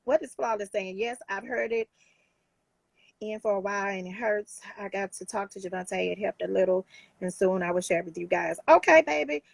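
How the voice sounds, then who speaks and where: A woman's voice: medium pitch, moderate pace, gravelly, no room sound. A woman life coach talking in a casual talk show, emphatic and heartfelt, with many restarts.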